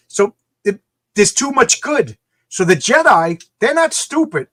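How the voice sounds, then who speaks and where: Man, high voice, dry close sound, casual chat, animated storyteller. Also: moderate pace, dry recording. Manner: animated, acts out quotes with voices. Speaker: podcast co-host.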